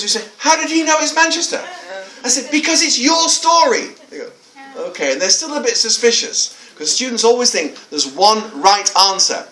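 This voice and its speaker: Man, teacher trainer, joking with the audience, bright high voice, heard from afar in a hall. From England. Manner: jokey, animated, coaxing answers from the room. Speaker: teacher trainer leading a workshop. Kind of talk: lively workshop talk with audience questions. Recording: echoey hall, voice from a distance.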